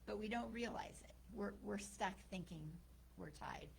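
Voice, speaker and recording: A woman preaching a sermon, her mid-pitched voice a little gravelly and slipping into fry. She tells a parable with animated energy and gives each character's lines a voice of their own. A faint hiss runs under the recording. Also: normal speed, rough recording. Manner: lively storyteller, acts out characters' lines. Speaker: minister. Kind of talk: sermon with storytelling.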